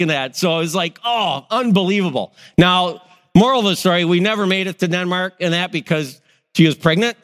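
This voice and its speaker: A man's voice: high voice, brisk, in a large hall. A middle-aged male pastor, telling stories in a sermon and acting out the voices in them. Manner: animated storyteller, acts out quoted voices. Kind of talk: sermon with personal storytelling.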